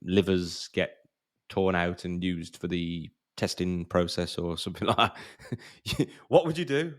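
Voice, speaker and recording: A man's voice: sits low, measured pace. A man hosting a podcast, rambling casually with many hesitations and repeated words. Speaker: podcast host.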